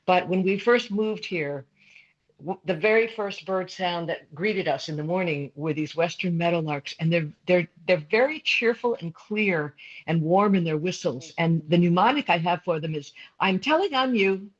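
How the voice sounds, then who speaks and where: A woman from Central California speaking as a webinar panelist, chatting warmly and enthusiastically and singing out bird mnemonics. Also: fairly low pitch, moderate pace. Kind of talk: casual webinar chat. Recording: dull lo-fi video call audio.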